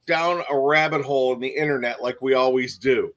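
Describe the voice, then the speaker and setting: A man's voice: mid-range voice, a little fast, a bit bright. A man co-hosting a beauty podcast, reading out quiz questions in casual chat. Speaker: podcast co-host, quizmaster.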